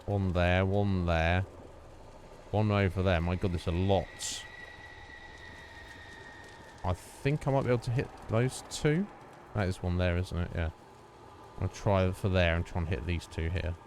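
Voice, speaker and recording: A man's voice: sits low, fairly even intonation, measured pace, long pauses, darkish tone, slight background noise. A man streaming a video game, chatting casually and thinking aloud as he plays and greets viewers. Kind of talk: casual gameplay commentary.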